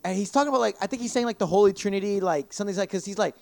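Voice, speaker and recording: A man's voice: high-pitched, racing, creaky, no echo. A young man, a podcast guest, telling a long story in casual chat, swearing constantly and acting out what people said. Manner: profane, rambling, animated retelling with acted-out quotes.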